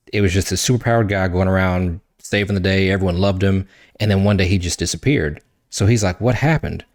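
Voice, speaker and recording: With a deep voice, a man hosting a podcast gives an animated, casual retelling of a comic book story. Along the way he curses and performs the characters' dialogue.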